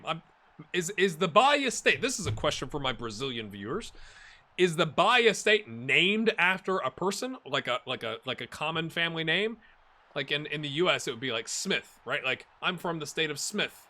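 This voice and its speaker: Chatty guy narrating his football manager game, higher voice, talks to the lads watching. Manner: animated, chatty, talks to viewers and players. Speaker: gaming YouTuber. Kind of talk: casual Let's Play commentary.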